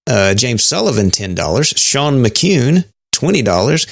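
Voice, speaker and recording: Gravelly, halting male co-host. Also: medium pitch, sing-song, dry recording, clean studio sound. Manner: halting, many fillers and restarts. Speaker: podcast co-host. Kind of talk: casual chat.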